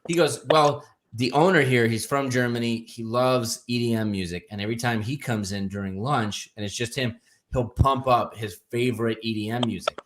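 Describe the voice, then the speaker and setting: A man's voice: mid-range voice, moderate pace. A man co-hosting a comedy chat show, telling stories with lots of laughter. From Phoenix area. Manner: animated storytelling, laughs often. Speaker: comedian co-host.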